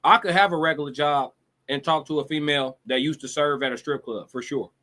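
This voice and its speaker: High bright-voiced man mocking casually. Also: a little fast. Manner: blunt, profane, mocking, restarts often. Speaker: live show host. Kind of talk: casual reaction commentary.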